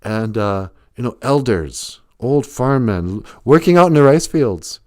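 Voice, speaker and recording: A man's voice: medium pitch, lively intonation, unhurried, darkish tone, dry recording, clean studio sound. A man hosting a livestream, rambling through an improvised comic story. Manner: rambling, laughs at himself, reads chat comments. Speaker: comedic storyteller host. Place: home livestream.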